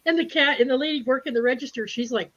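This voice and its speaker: Woman, animated storyteller, laughs a lot, higher voice, dull lo-fi sound. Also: quick pace. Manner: animated, laughs often, acts out voices in stories. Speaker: spiritual group speaker. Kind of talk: casual storytelling in a group chat. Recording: dull lo-fi livestream audio.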